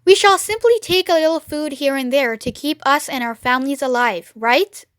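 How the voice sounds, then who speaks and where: A woman's voice: high-pitched, moderate pace, no room sound, clean studio sound. Woman doing a clever, self-assured fox. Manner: calm and assured, softly menacing at times. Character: clever, smooth adult male fox, confident leader.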